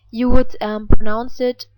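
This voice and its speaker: A woman's voice: a little high, level tone, slow, dark tone, no room sound, poor audio. A native German woman with a German accent, patiently explaining pronunciation step by step and asking the learner questions. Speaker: language teacher. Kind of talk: instructional explanation.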